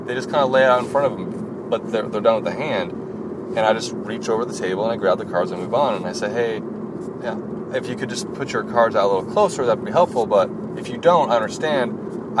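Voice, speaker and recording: Deep-voiced man talking while driving. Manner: rambling, with many fillers and restarts. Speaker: vlogger and former poker dealer. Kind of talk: casual storytelling rant. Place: inside a car while driving. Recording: loud car and road noise.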